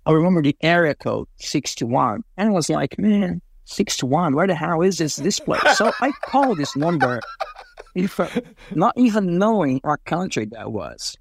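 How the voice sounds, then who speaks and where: A man's voice: a little high, moderate pace, gravelly, husky. Man telling racing stories. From Brazil. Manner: animated, acts out quoted voices, frequent fillers. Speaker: interview guest, racing driver. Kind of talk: casual storytelling.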